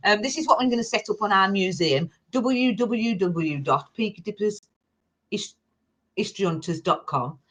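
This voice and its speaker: A co-host on a casual live stream, reading out viewer comments in a relaxed way. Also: mid-range voice, a little slow. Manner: relaxed, reads out chat messages.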